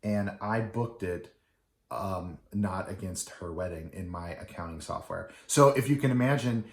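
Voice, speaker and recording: Rambling low-voiced man in an echoey room. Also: measured pace. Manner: rambling with many fillers and restarts, acting out quoted people. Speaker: wedding DJ. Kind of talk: casual storytelling.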